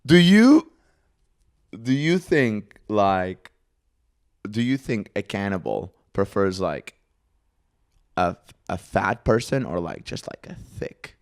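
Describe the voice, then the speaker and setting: Rambling young podcast host, dry sound. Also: male voice, lowish voice, sing-song, slow pace, long pauses, no echo. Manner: rambling storyteller, lots of fillers. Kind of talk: casual chat. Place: festival venue, on a couch.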